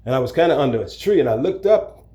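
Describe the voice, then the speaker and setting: A man telling a story from his own life in a casual, lively way, acting out the people in it. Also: medium pitch, fast. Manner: animated, acts out the people in his story, chuckles. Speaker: storyteller recounting his prison time. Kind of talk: casual spoken storytelling to camera.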